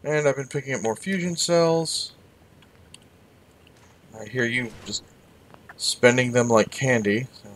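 A man's voice: medium pitch, a little slow, pauses often, fairly bright tone. A man hosting a let's-play, chatting with wry asides and answering the game characters. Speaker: gaming video host. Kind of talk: casual let's-play commentary.

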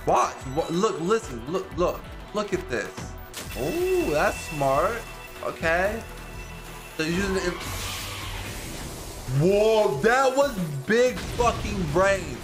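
A man hosting an anime reaction channel, talking casually and excitedly, exclaiming and swearing as he talks to the screen. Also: sits high, slow, pauses often. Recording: music playing loud behind.

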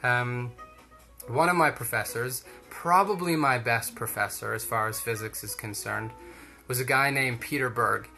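A young man talks to a group in a loose, rambling way, with plenty of fillers and asides. His voice is bright and forceful at an ordinary pitch. A faint guitar plays behind him. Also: unhurried, vocal fry. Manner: chatty, rambling, many fillers. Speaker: speaker giving a talk. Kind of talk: casual storytelling talk.

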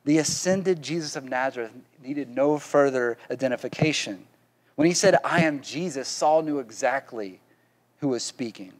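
A man's voice: medium pitch, moderate pace. A man preaching a sermon as pastor, repeating words and often checking in with "right?".

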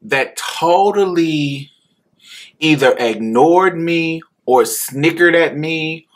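A woman podcast host telling a personal story, animated and profane, laughing often as she talks. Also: low-pitched, slow pace.

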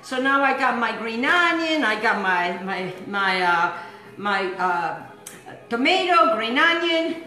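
A woman's voice: on the high side, very animated, slow, pushed and bright, echoey room, low-quality recording. A woman hosting a home cooking show, talking in a chatty, rambling, enthusiastic way as she demonstrates a recipe. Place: home kitchen.

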